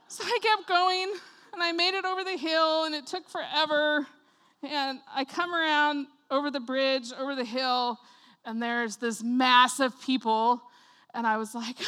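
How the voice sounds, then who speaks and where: High bright animated woman preacher. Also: normal speed. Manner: animated storytelling, acts out voices, laughs often. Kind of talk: sermon with personal story.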